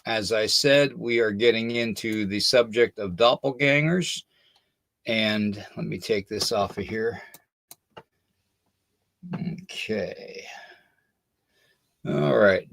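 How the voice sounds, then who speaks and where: A man's voice: lowish voice, slow pace, creaky, pauses often, fairly bright tone, no room sound. Tired older man hosting a livestream. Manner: rambling, chatty, greets viewers by name. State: tired and a little out of breath. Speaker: podcast host. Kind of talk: casual livestream talk.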